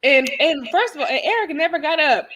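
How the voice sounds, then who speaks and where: High, lively woman laughing through chat. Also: brisk. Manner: laughs often, acts out quotes. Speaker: co-host reviewing a reality show. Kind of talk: casual live chat.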